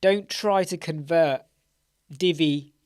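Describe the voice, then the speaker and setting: A middle-aged man from England hosts a relaxed live Q&A, sleepy and yawning and rambling in a friendly way. His voice sits a touch high for a man. The sound is close and dry, with no room around it. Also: slow pace, clear, resonant tone, no room sound. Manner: chatty, greets viewers by name, repeats words. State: tired, yawning. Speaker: livestream host. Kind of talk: casual live Q&A chat.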